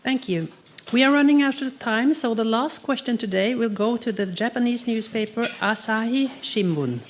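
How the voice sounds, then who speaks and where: A woman moderating a press conference, making brisk and polite announcements to the room. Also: on the high side, a little hiss or hum. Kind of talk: formal announcements.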